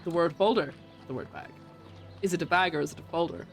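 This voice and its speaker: A woman's voice: on the low side, quick pace, creaky, soft background music. A woman chatting casually and giggling as she plays a game on stream. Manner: chatty, giggly, self-mocking. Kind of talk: casual gameplay chat.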